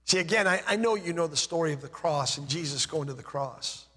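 A man preaching a sermon with impassioned delivery, his voice dropping low and soft on key phrases. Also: animated, fairly quick, breathy edge, in a large hall.

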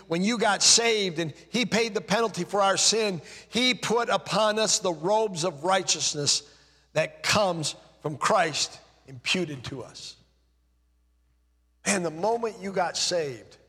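A man preaching a sermon with impassioned delivery, his voice dropping low and soft on key phrases. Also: husky, long reverb tail.

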